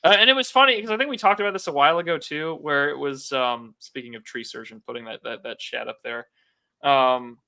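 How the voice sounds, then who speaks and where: A man talks on a casual podcast in a halting, wry way, starting over and stopping often. His voice is bright and smooth, with a clean and resonant tone. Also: mid-range voice. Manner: halting, many fillers and restarts, wry. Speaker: podcast co-host.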